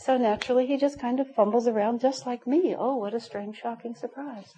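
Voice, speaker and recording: A woman's voice: fairly high pitch, fairly quick, low-quality recording. A middle-aged woman teaching a spiritual class, telling stories with frequent laughter. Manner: warm storytelling, laughing often. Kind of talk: spiritual class talk with anecdotes.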